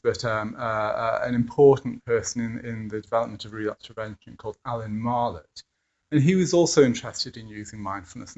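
A man, an addiction therapist who teaches mindfulness, telling anecdotes in a hesitant way with many fillers and chuckling asides. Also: medium pitch. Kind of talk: anecdotal talk. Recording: dull lo-fi recording.

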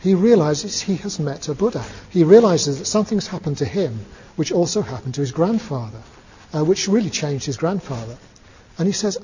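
A man telling a Buddhist story to his listeners in a relaxed way, chuckling and using many fillers. His voice is a little high. It is recorded dull and lo-fi, with a long reverb and faint ambience. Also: normal speed, slight background noise. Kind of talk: storytelling talk.

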